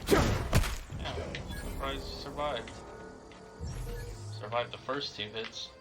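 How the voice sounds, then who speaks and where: Casting: relaxed male streamer, chatty and casual, mid-pitched voice, game music underneath. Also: measured pace. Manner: laid-back, chatty, swears casually. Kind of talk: casual gameplay commentary. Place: garage streaming setup.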